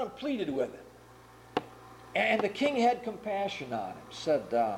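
A man preaching a sermon and retelling a parable with earnest, animated storytelling. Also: sits high, unhurried, long pauses, background noise.

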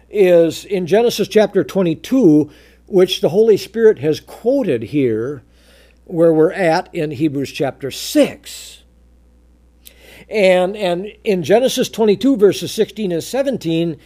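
A man preaching a verse-by-verse Bible sermon, drawing out scripture quotes slowly and emphatically, often repeating words and restarting sentences. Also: high voice, dark tone. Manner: emphatic, slow, drawn-out quoting of scripture.

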